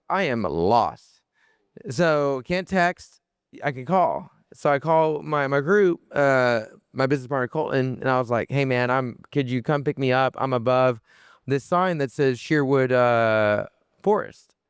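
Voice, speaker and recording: A young man telling a festival story on a podcast in casual chat, animated, full of fillers, restarts and swearing. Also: medium pitch, moderate pace, smooth, no room sound, studio quality. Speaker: podcast guest.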